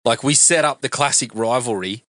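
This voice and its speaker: A man's voice: mid-range voice, fairly quick, bright, forceful tone, no room sound. Sweary man reviewing films. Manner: enthusiastic, sweary, laughs often. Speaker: podcast co-host. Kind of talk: casual film review chat.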